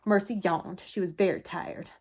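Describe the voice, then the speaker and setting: Woman, children's book read-aloud, clear and expressive storyteller. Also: fairly low pitch, moderate pace.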